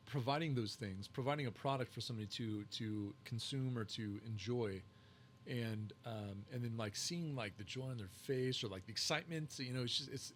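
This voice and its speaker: A man with an average-pitched voice rambles through casual stories as a podcast guest, circling back with fillers and restarts. A faint hiss sits under the recording. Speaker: podcast guest, cigar maker. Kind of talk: casual storytelling.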